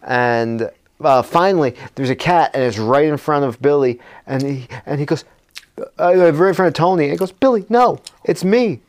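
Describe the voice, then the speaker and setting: A man co-hosting a comedy podcast, spinning an improvised horror movie plot aloud. He talks in a fairly high voice, full of fillers and restarts. He rambles on energetically, frequently breaking into laughter. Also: normal speed, smooth. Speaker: podcast co-host.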